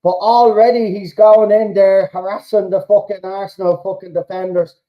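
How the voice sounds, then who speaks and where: Swearing excitable football fan. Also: male voice, high voice, normal speed, muffled recording. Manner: swearing, shouting at players, excitable. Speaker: fan channel host reacting live to a match. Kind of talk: live match reaction commentary.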